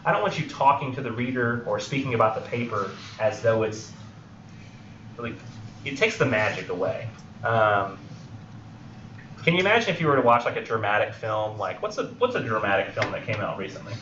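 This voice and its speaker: A man's voice: lowish voice, lively intonation, normal speed, a bit bright, slight background noise. Rambling male writing instructor in a classroom. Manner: rambling, filler-heavy, acts out film scenes. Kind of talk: classroom lecture. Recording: roomy, dull lo-fi classroom recording.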